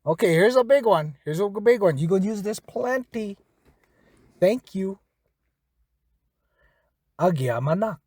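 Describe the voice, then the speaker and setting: Slow, lively man teaching phrases. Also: high-pitched, no room sound, studio quality. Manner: patient, repeats phrases slowly and spells words out. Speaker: language teacher. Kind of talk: casual spoken language lesson.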